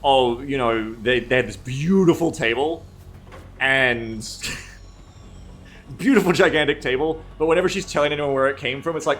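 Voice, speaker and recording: A man's voice: medium pitch, normal speed, fairly bright tone. Rambling, foul-mouthed male streamer. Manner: rambling, swears freely, reads chat aloud. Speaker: streamer reading chat. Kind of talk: casual livestream chat.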